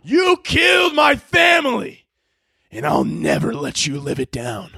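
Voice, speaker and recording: A man putting on a hammy, overwrought voice-over actor who shouts and strains every line. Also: very high-pitched, wildly swooping pitch, measured pace, creaky, husky, dry recording, clean studio sound, pitched above the performer's own voice, full character voice. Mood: melodramatic. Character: over-the-top male dub actor, melodramatic.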